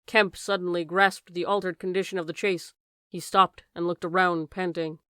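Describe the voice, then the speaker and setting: Low-voiced woman reading a classic novel. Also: level tone, normal speed, clean tone, no echo, clean studio sound. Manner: raises voice sharply for shouted lines. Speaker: audiobook narrator. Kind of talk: dramatic audiobook reading.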